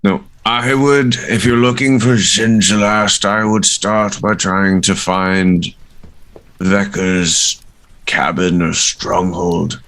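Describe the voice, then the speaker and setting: A man speaking as game master in a tabletop game played remotely, in a measured way. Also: sits low, flat delivery, fairly bright tone. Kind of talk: narrating a tabletop game over a call.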